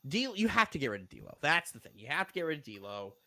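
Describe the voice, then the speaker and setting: A man's voice: fairly high pitch, sing-song, fast, gravelly, sharp tone, no room sound. A man co-hosting a sports podcast, talking bluntly and profanely in casual chat. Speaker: podcast co-host.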